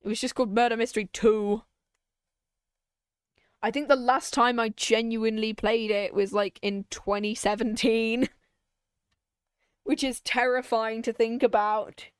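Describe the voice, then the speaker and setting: A woman's voice: on the high side, flat delivery, unhurried, pauses often, clean tone, dry recording, clean studio sound. A young woman streamer chatting casually while she plays a game, rambling, giggling and easily sidetracked. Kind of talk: casual let's-play chat.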